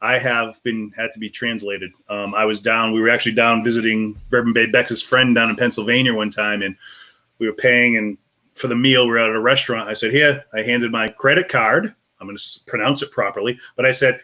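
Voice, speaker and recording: A man with a Boston accent, co-hosting a live whiskey show and chatting casually, telling animated stories full of quick asides. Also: mid-range voice. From Boston area. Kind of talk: casual chat.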